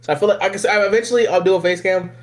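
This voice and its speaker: A man's voice: high voice, fairly even intonation, racing. A young man with a Southern American accent, chatting boisterously on a podcast and laughing often. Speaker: podcast host, anime YouTuber. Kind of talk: casual podcast chat.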